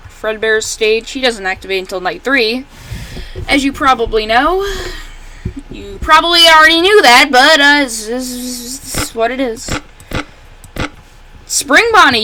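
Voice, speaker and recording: A woman giving casual, rambling commentary while playing a fan game she made, correcting herself often and breaking into excited outbursts at the characters. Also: sits high, slight background noise, poor audio. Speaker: fan game creator playing her own game.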